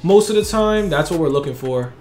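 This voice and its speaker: A young man who hosts a gaming channel, giving live commentary on his own game. He shouts and cheers at big plays, then talks calmly. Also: on the high side, a little fast. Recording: echoey room.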